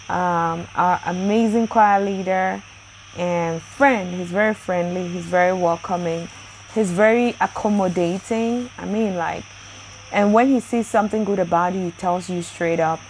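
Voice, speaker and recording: A woman's voice: fairly low pitch, a little slow, a little mellow, slight background noise, poor audio. Chatty, effusive woman hosting a Bible channel. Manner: chatty and effusive, with frequent exclamations. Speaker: host of a daily Bible reading channel. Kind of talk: casual chat with birthday shout-outs.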